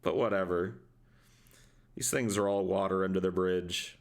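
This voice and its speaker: Deep-voiced male podcast co-host, crude, rambling storyteller. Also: steady tone, normal speed. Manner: profane, rambling, laughs often. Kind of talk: casual storytelling.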